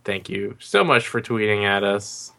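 A man co-hosting a podcast, giving friendly shout-outs to listeners. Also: on the low side, creaky. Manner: friendly, reading out names slowly. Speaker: podcast co-host. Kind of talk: casual podcast banter.

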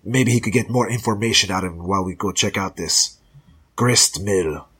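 A man's voice: fairly low pitch, normal speed, fairly bright tone, breathy edge. A man playing a tabletop game, talking in a plain, matter-of-fact way. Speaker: player. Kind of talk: casual tabletop game chat.

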